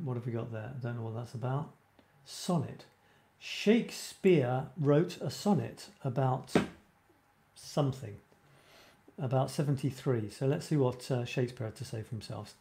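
Guy hosting a live writing chat, mid pitch, warm dark voice, keeps cutting himself off. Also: measured pace. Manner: rambling, self-interrupting, laughs at himself. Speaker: host of a creative writing show. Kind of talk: casual live-stream chat.

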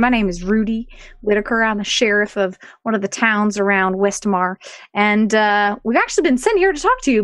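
A woman's voice: fairly high pitch, a bit bright, no echo. A woman playing in a tabletop game, speaking in character with a folksy, polite drawl. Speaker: player. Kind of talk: in-character tabletop role-play.

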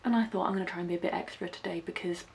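Chatty young woman with a gravelly edge. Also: on the low side, steady tone, racing, darkish tone. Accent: West Country English. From West Country, England. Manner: chatty, self-deprecating, narrating each step. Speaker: makeup vlogger. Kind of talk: casual makeup tutorial chat.

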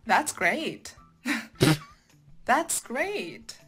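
A woman's voice: high-pitched, huge pitch swings, takes it slowly, a bit bright, faint music behind. A woman in a casual social media clip, talking about working on her tone. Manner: practicing phrases without sarcasm.

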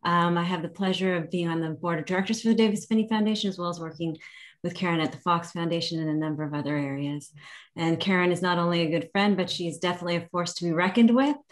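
A woman's voice: fairly low pitch, fairly even intonation, fast talker. A woman board member introducing a guest with admiring words.

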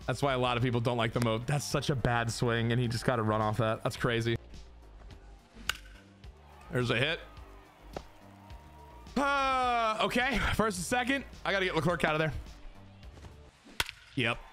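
A man giving casual, excitable commentary on his own baseball video game play, talking to his chat and swearing. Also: medium pitch, moderate pace, pauses often, soft background music. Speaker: gaming streamer.

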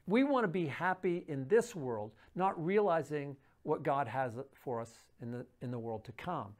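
A pastor giving a daily devotional Bible teaching in a conversational way, often pausing and restarting, reading verses aloud and then explaining them. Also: medium pitch. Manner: conversational, with frequent fillers and restarts; reads scripture aloud and explains it.

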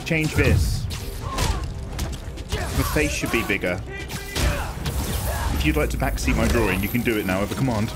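A man's voice: fairly low pitch, animated, a little fast, long pauses. A young man streaming a video game with casual commentary, joking and slipping into silly sing-song. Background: game music.

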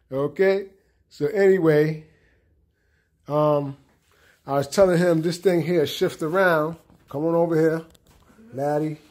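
A man's voice: a little high, takes it slowly, long pauses. A middle-aged man giving a casual tour of his apartment, often checking in with "okay?". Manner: relaxed, repeats "okay?" often. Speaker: home tour vlogger. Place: apartment room indoors.

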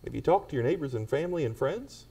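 Male preacher, higher voice, lively questioning sermon; miked from a distance in a church. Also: fast, creaky. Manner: asks the congregation pointed rhetorical questions.

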